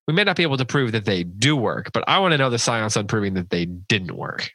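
Male podcast host, low bright voice, playful, dry close mic. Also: big pitch swings, quick pace, dry recording. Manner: playful, rambling with restarts. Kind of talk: casual podcast chat.

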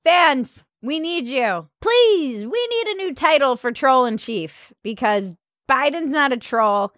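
A woman's voice: high-pitched, animated, takes it slowly, a bit bright, dry recording, clean studio sound. A woman co-hosting a comedy podcast, talking in a sarcastic, exasperated way with plenty of swearing. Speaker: podcast co-host. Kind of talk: casual comedic chat.

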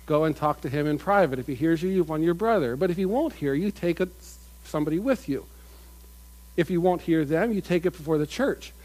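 A man's voice: a little high, lively intonation, fairly quick, darkish tone, poor audio. A man preaching a conversational sermon, often repeating and restarting his phrases. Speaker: pastor.

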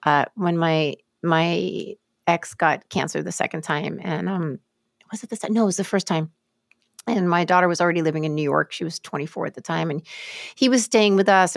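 A middle-aged woman co-hosting a podcast, chatting in an animated way with many restarts and asides. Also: fairly low pitch, no echo, studio quality. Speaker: podcast co-host. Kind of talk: casual chat.

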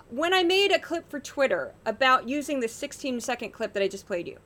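Exasperated woman podcast host, higher voice. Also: big pitch swings, normal speed, a bit bright. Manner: exasperated, sarcastic. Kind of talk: political media commentary.

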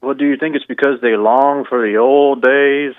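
A man's voice: medium pitch, fairly even intonation, normal speed, no room sound. Male caller from Texas, dull phone-line sound, dry, jokey. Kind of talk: phone-in conversation.

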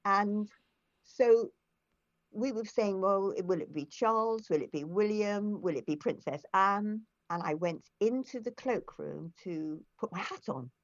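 A woman's voice: mid-range voice, measured pace, dry recording, lo-fi sound. An older woman, a guest in an interview, telling stories in a chatty way and often restarting her sentences. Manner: chatty storyteller with frequent restarts and fillers. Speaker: interview guest, former foster carer. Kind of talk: conversational interview.

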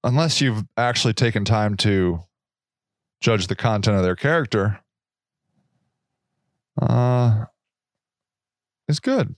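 A man hosts his own podcast in a rambling solo monologue. His delivery is slow and sarcastic, and he laughs at his own jokes. His pitch swings widely, and the recording sounds dry and close. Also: expressive, no room sound. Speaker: podcast host. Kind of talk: casual monologue.

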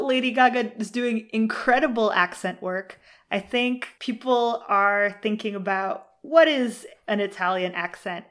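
A woman's voice: mid-range voice, clean tone. A woman co-hosting a casual film discussion, speaking in an emphatic, opinionated way. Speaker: podcast co-host.

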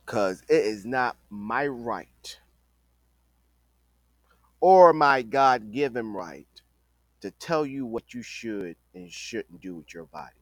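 A man's voice: mid-range voice, animated, takes it slowly, long pauses, dry recording. Emphatic man talking casually, dry sound. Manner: conversational, emphatic, repeats phrases. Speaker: podcast host. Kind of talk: casual opinion monologue.

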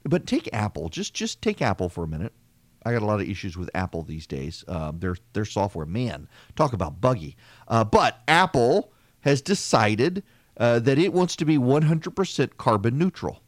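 A man's voice: on the low side, big pitch swings, moderate pace, no echo. A man hosting a political podcast, delivering an opinionated, conversational monologue with frequent restarts and sarcastic asides. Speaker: podcast host.

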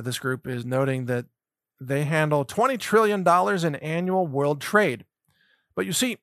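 A man's voice: sits high, fairly bright tone, no echo, studio quality. A male host giving a commentary monologue, reading news items aloud with sarcastic, mocking asides and laughing at his own points. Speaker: show host.

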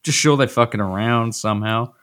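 A man's voice: mid-range voice, fairly quick, a bit bright. A man co-hosting a podcast, riffing sarcastically with lots of swearing. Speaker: podcast co-host. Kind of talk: casual chat.

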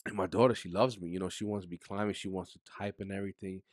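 A man speaking as a podcast guest, telling a personal story candidly in casual slang, his voice sinking soft and low at the painful parts. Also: fairly even intonation, rapid-fire, no room sound, clean studio sound. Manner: emotional, drops to a soft low voice when recounting hard moments; casual slang-heavy speech.

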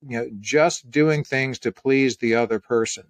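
A middle-aged man, speaking in a dry, close recording. He tells stories at an unhurried pace and reflects on them, with a laugh here and there. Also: medium pitch, dry recording. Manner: reflective, storytelling, easy laughs. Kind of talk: casual conversation.

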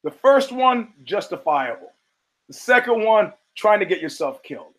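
A man's voice: high-pitched, sing-song, moderate pace, fairly bright tone, low-quality recording. A man hosting a podcast, telling stories in a casual, profane monologue and acting out the people he quotes. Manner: profane storytelling with acted-out quotes. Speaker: podcast host.

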